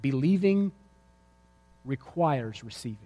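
A man's voice: medium pitch, lively intonation, slow pace, dark tone, big-room sound, muffled recording. A male pastor preaching a sermon to his congregation, telling a vivid story and driving his points home with emphatic repetition. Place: church sanctuary before a congregation.

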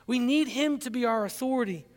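Pastor, male, high-pitched, earnest and emphatic sermon delivery, long hall reverb. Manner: earnest, emphatic preaching with slow, stressed key phrases.

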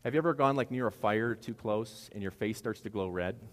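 A man gives a laid-back sermon in a church sanctuary, teasing and quizzing his congregation as he goes. His voice is on the low side. A long reverb trails behind every phrase. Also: fairly quick. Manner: casual, joking, asks the congregation questions. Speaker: pastor.

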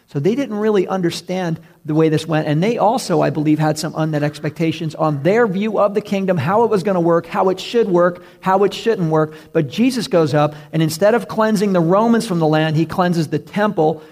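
A man preaching from the pulpit in a slightly higher-than-usual voice, with a noticeable gravelly fry. He is emphatic, and his voice sinks low and soft whenever he lands a key word. The delivery is steady and earnest. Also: a little fast, few pauses. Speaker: pastor. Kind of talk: sermon.

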